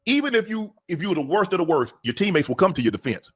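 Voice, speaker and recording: Fast, husky, lively middle-aged man. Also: sits high, faint music behind. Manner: emphatic, repeats words when starting a point. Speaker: co-host, former pro football player. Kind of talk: casual sports talk.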